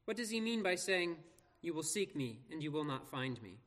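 A man pastor reading scripture aloud and preaching in an earnest, measured way with slow emphatic pauses. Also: a little high, sing-song, fairly bright tone. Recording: long reverb of a large hall.

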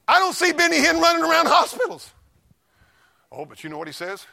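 A preacher man delivers a fiery sermon in a high, bright voice. His pitch leaps around as he tells folksy stories. He drops to low asides, then climbs into loud shouts. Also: wildly swooping pitch, a little fast, gravelly, long pauses. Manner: folksy storytelling, swings from mutters to shouts.

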